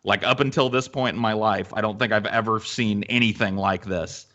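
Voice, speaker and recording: A man hosting a podcast, telling a story in a casual, animated and profane way with lots of fillers. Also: lowish voice, moderate pace, muffled recording. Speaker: podcast host.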